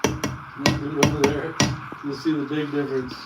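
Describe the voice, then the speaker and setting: A helper in a home kitchen gives cooking directions in a low-key, instructive way, away from the mic. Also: flat delivery, normal speed, over loud music. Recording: echoey room, noisy, distant from mic.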